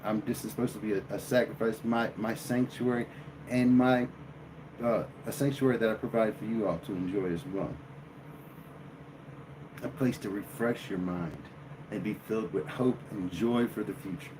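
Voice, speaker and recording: A man hosting a live stream, chatting casually and joking with his viewers in a slow, drawling way. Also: fairly low pitch, background noise. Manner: slow, drawling, jokey banter with chat. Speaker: livestream host.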